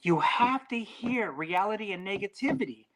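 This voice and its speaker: A man as a podcast guest in casual chat, talking bluntly with lots of swearing and animated swings in delivery. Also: high voice, moderate pace.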